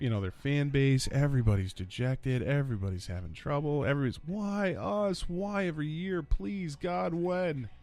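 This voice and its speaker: A man hosting a casual solo sports podcast, talking in an animated, rambling way and repeating lines for emphasis. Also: mid-range voice. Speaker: podcast host. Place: lives in Orlando.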